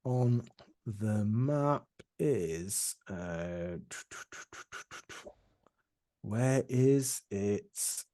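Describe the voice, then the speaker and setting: A man's voice: lowish voice, expressive, very slow, long pauses, mellow. A man running a tabletop game, recapping past sessions in a rambling, casual way with many restarts. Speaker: game master.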